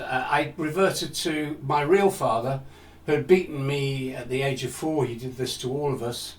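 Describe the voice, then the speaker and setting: A man's voice: on the high side, fairly bright tone. A man in his seventies telling a personal story in a talk, reflective and asking rhetorical questions. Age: 70s. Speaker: speaker. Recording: roomy echo, distant mic.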